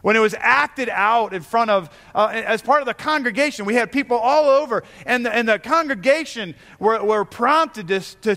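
A pastor in a church sanctuary preaches earnestly and emphatically to his congregation, his fairly high voice bright, forceful and lively in intonation. He pauses and restarts as he builds each point, and the long reverb of the hall rings around him.

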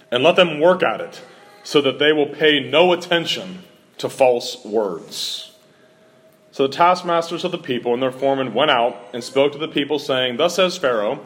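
A male pastor in a church, preaching and reading scripture aloud, lifting his voice for the quoted speakers. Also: on the high side.

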